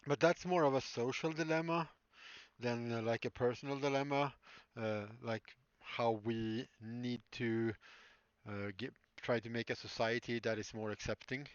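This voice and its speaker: A man chatting on a live stream while making props, rambling and laughing as he answers his chat. His voice has a mid-range male pitch. It sounds dry and muffled, with dull lo-fi stream audio. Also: steady tone, normal speed, clear, resonant tone, no room sound. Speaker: livestreaming prop maker. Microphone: streaming mic.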